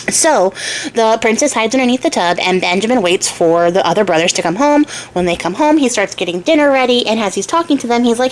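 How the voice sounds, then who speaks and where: A woman's voice: medium pitch, lively intonation, quick pace, slight background noise. A young woman casually retelling a fairy tale while crafting, chatty and irreverent, swearing and loosely voicing the characters. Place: home craft room.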